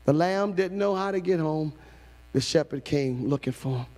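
A man pastor preaching a sermon, shifting from hushed storytelling to shouted calls. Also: on the high side, normal speed. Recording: long hall reverb.

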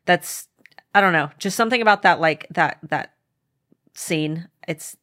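A woman co-hosting a book podcast in a casual chat, lively and blunt, swearing casually. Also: on the low side, unhurried. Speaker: podcast co-host.

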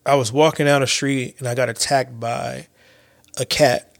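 A man in his late thirties hosting a podcast, talking through his thoughts in a casual, animated way, with repeats and slang. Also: mid-range voice, moderate pace, creaky, dry recording, studio quality. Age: late 30s. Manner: animated storyteller with repetitions and slang. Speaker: podcast host. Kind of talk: casual reflective monologue.

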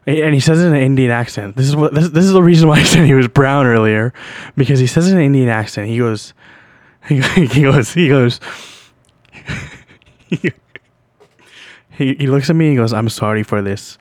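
A man's voice: mid-range voice, normal speed, long pauses, darkish tone, no room sound, clean studio sound. A young man hosting a podcast, telling a story in a loose, rambling way, swearing often and breaking into laughter. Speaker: podcast host. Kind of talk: casual storytelling monologue.

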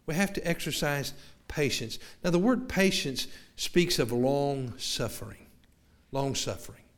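A pastor from the American South preaches a sermon to his congregation in a Southern accent. His mid-range voice is expressive and measured, and he often restarts words and turns to his listeners with asides.

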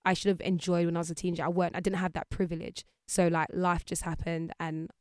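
A woman's voice: on the low side, fast, no room sound, studio quality. A woman, a guest chatting casually in an interview and acting out the people she quotes. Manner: lively, acts out voices of people she quotes.

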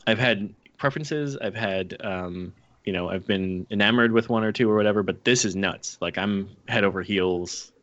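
A man co-hosting a casual gaming podcast, gushing and excited. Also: on the low side, normal speed, hardly any pauses, highs cut off. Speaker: podcast co-host.

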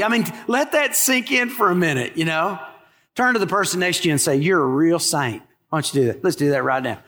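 A male pastor preaching a lively sermon, asking the congregation questions and joking with them. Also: high-pitched, brisk. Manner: animated preaching with rhetorical questions and asides to the congregation. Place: church sanctuary. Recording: live in a church with long reverb.

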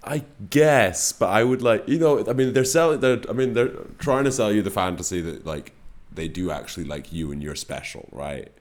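A man's voice: fairly low pitch, normal speed. A man co-hosting a podcast in casual chat, with dry, teasing, self-deprecating humor. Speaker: podcast co-host.

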